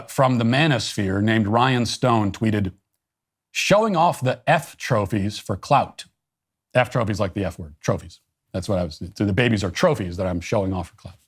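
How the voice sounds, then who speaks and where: A man narrating a scripted video commentary with a dry, sarcastic delivery. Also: medium pitch. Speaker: YouTube commentator.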